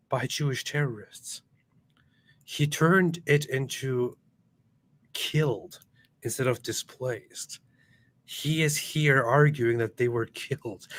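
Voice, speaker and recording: Scornful man hosting a livestream. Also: medium pitch. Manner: scornful, mocking, laughs at his own points. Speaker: livestream co-host. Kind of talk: livestream commentary and reading viewer messages.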